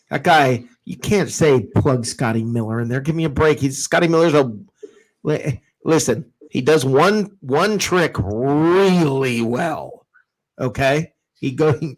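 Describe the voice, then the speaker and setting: A man hosting a casual sports talk show, animated and quick to restart his sentences. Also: medium pitch, rough recording. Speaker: podcast host.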